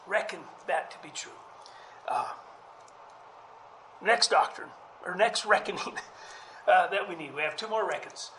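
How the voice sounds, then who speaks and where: A man's voice: high-pitched, a little slow, pauses often, pushed and bright, echoey room, slight background noise, low-quality recording. A man preaching a sermon as pastor, earnest and prone to repeating words, with chuckles between points.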